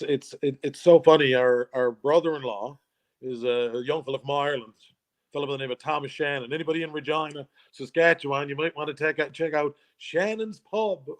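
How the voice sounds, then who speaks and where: Jokey man telling stories. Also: a little high. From Newfoundland, Canada. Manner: jokey storyteller, laughs often, restarts phrases. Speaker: guest. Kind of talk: casual interview chat.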